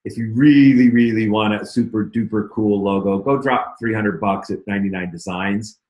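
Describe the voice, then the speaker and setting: A man with a lowish voice teaches a casual screen-share lesson, chatting loosely and breaking off his own sentences. His voice sits in a roomy, echoey space. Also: fairly even intonation, normal speed, a little mellow. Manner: chatty, self-interrupting, many fillers. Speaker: marketing instructor.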